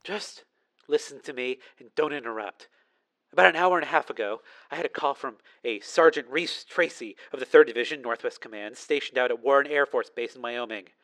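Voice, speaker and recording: A man's voice: mid-range voice, fairly quick, a bit bright, close to an everyday voice, low-quality recording. A man voicing a female news reporter who speaks with fierce, insistent urgency. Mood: urgent.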